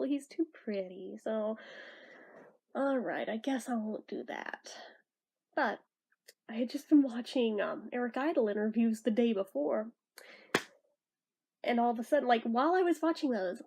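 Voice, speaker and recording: A woman's voice: on the high side, lively intonation, moderate pace, mellow. A young woman vlogging in casual chat, rambling, laughing often and swearing casually.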